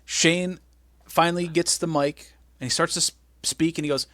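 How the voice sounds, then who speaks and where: A man co-hosting a casual chat show, animated and acting out quotes in playful voices. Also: a little high, moderate pace, no room sound, clean studio sound. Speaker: podcast co-host recapping wrestling.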